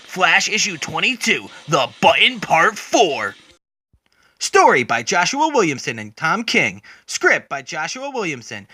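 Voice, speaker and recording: A man's voice: high-pitched, sharp tone. A man retelling a comic book story as a dramatic reading, quoting the characters along the way.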